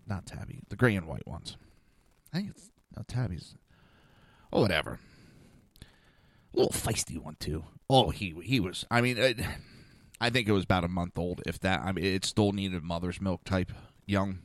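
A man casually telling a personal story, animated and exasperated, acting out the dialogue. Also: low voice, no echo.

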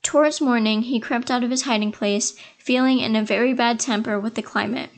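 A woman telling a fairy tale in a measured, expressive storytelling voice. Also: on the high side. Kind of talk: scripted fairy-tale narration.

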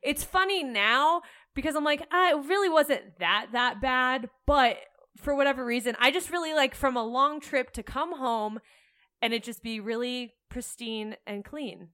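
A young woman talks in a relaxed, candid way and swears freely as she tells her stories. Her voice sits a little high and sounds bright and smooth. The feel is an easy, casual chat. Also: normal speed. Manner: candid, animated storytelling with frequent swearing.

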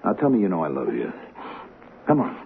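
A bullying small-time hood, wildly swinging pitch; thin, phone-like old radio tone. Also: male voice, huge pitch swings, a little fast, slightly rough, full character voice. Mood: coaxing. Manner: swings from snarling threats to wheedling. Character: volatile male crook, bullying yet pleading. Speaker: gang member. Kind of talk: 1970s radio drama acting. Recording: tinny old radio broadcast.

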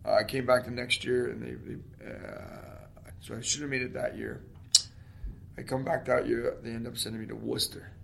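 A man in his forties from Canada, an interview guest telling animated stories and shouting out quoted lines. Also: mid-range voice, moderate pace, gravelly, slight background noise. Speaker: guest, former pro hockey player. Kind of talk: storytelling interview.

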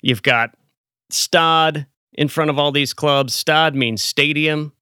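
Bright, crisp-voiced American man joking on a podcast. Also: a little high, slow, no echo, clean studio sound. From United States. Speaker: podcast co-host. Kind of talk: casual podcast analysis.

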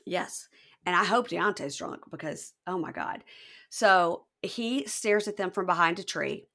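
Woman, podcast host, lively retelling, lowish pitch, bright tone. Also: measured pace, vocal fry. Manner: animated retelling, acting out quotes. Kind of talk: casual recap chat.

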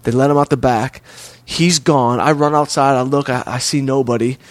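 A man telling a wild personal story in casual chat, swearing often and acting out quotes with lively energy. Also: mid-range voice, normal speed, dry recording. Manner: animated, profane, swearing-to-God storytelling with acted-out quotes.

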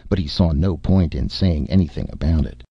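A man reading a story aloud in measured, expressive narration, in a dull lo-fi recording. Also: very deep voice, slightly rough, dry recording. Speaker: audiobook narrator. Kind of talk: scripted narration.

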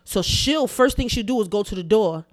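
A young adult woman telling a story in a casual podcast chat, animated, emphatic and full of profanity. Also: medium pitch, normal speed. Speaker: podcast co-host.

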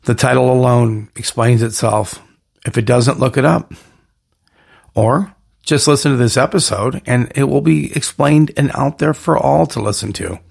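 Gravelly-voiced man hosting a solo podcast. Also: medium pitch, normal speed, a little mellow. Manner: rambling, hyped slogan-heavy delivery. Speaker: podcast host.

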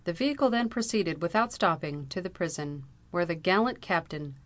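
Brief: woman audiobook narrator, lowish voice, steady storytelling. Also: normal speed. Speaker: audiobook reader. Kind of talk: scripted narration of a Victorian novel.

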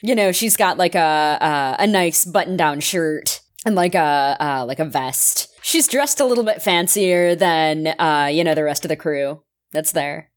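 Player, woman, unhurried, giggly and hesitant. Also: sits low. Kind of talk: tabletop role-play chat.

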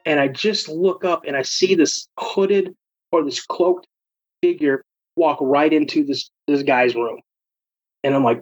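Casting: young man, husky lo-fi storyteller, a bit high, animated. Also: a little slow. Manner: animated, acts out quoted friends. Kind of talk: casual personal storytelling. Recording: dull lo-fi recording.

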